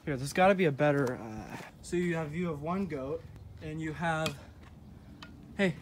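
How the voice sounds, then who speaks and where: A man films goats on his phone at a ranch, chatting to viewers and cooing at the animals. His voice sits a little high. Clear outdoor noise runs under the phone recording. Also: normal speed. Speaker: vlogger. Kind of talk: casual vlog. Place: outdoors at a ranch by a goat pen.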